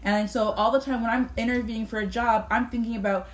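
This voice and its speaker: A woman's voice: fairly high pitch, steady tone, fast. A woman from Canada, a pastor, talking openly and easily in a conversation. Her tone stays plain and conversational. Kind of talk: conversation on a church video.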